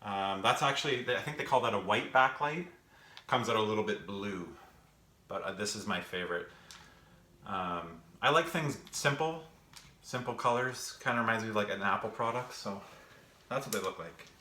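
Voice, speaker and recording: A man's voice: on the low side, moderate pace, sharp tone. A young man chatting casually on a livestream while working, out of breath and rambling with fillers. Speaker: gaming vlogger answering live chat. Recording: echoey room, faint background noise.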